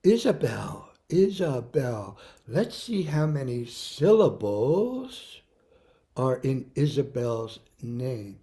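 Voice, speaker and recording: A man teaching a music lesson to young children, counting beats loudly and then dropping to soft prompts, repeating words patiently. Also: mid-range voice, sing-song, takes it slowly.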